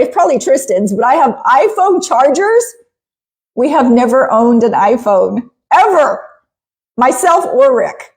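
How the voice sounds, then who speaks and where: Animated, laughing middle-aged woman host. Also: high voice, measured pace. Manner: animated and chatty, laughing often. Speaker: podcast host. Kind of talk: casual podcast monologue.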